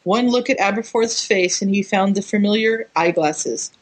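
A woman's voice: mid-range voice, normal speed, low-quality recording. A woman co-hosting a podcast, chatting casually and reading passages from a book aloud. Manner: easily distracted, giggly.

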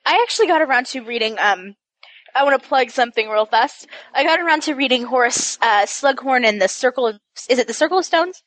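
Woman co-host with a slightly high voice. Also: expressive, a little fast, a bit bright, dry recording, rough recording. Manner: self-mocking, enthusiastic recommendations. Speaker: podcast co-host. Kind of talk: casual podcast chat.

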